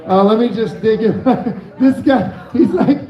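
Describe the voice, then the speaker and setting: A man's voice: high voice, a little slow. A man doing a rambling, giggly stand-up set on a bar stage with a handheld mic. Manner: rambling, giggly, loose delivery. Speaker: open-mic comedian. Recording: echoey room, muffled mic.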